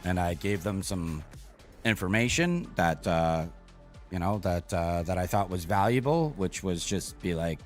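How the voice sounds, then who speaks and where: A man with a very deep voice rambles earnestly to his stream viewers, loose and casual, dropping the odd swear. Soft music plays faintly underneath. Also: a little slow. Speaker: game streamer. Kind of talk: casual live-stream chat.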